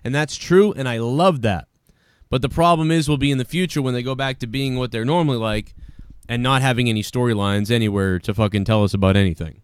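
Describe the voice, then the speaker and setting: A man hosting a live wrestling review stream, talking casually, excitably and with lots of swearing. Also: medium pitch, dry recording, studio quality. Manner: profane, excitable, rambling. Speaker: wrestling podcast host.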